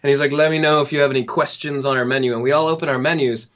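A young man telling a funny personal story on a podcast, acting out the people in it and laughing now and then. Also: medium pitch. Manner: animated, acts out the people in his story with quick laughs. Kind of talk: casual storytelling. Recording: dull lo-fi sound.

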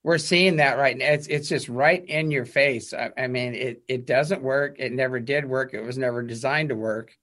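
A man's voice: medium pitch, moderate pace, few pauses, fairly bright tone. Man rambling earnestly on talk radio. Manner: rambling, earnest, trails off mid-thought. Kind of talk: casual radio chat.

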